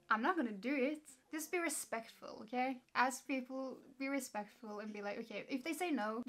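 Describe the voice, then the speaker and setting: A tired young Norwegian woman talks straight to her camera in a chatty storytime vlog. Her voice sits a little high, and she speaks English with a Norwegian accent, peppering it with "like" and the odd swear word. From Norway. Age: 20s. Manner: chatty and animated, swearing, frequent "like" fillers. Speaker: vlogger.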